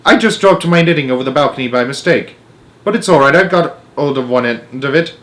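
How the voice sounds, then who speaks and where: A man voicing a calm, loving elderly grandmother in a read-aloud storybook. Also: medium pitch, a little fast, voice pushed up, lightly acted. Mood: cool. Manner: cool, steady and affectionate.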